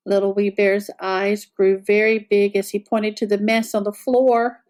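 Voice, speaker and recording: A woman reading a children's picture book aloud as a storyteller, expressive and animated. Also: mid-range voice, unhurried, few pauses.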